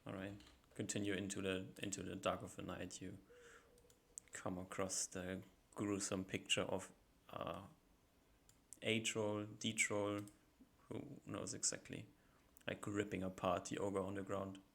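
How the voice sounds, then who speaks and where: A man's voice: low-pitched, level tone, unhurried, vocal fry, a bit bright. A man narrating as game master in a tabletop role-playing session, describing scenes loosely with many fillers. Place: home setup, live stream.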